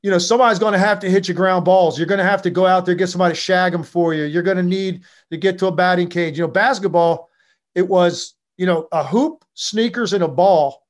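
A man's voice: high-pitched, a little fast. A man from Virginia, a former basketball player, telling stories in a casual interview with lots of fillers. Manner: animated, with frequent fillers.

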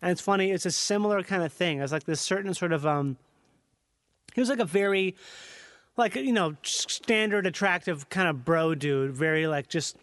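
A man hosting a casual comedic chat, teasing his guest with quick asides. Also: high voice, fairly bright tone, no room sound, clean studio sound.

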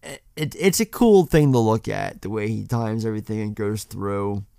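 A man's voice: on the low side, moderate pace, vocal fry, mellow, clean tone, dry recording, clean studio sound. A man co-hosting a podcast, casually retelling a film scene by scene with plenty of swearing. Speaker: podcast co-host. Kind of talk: casual film-review chat.

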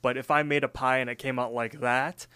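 A man co-hosting a podcast casually recaps a cartoon episode, rambling along with plenty of fillers. His mid-range voice is steady, fast, bright and forceful, with a clean sound and no echo.

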